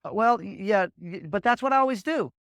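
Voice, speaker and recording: High-voiced, animated sales trainer man. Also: brisk, clean tone, dry recording. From Las Vegas, Nevada. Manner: animated, acts out sample dialogues, repeats words. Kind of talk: energetic training talk.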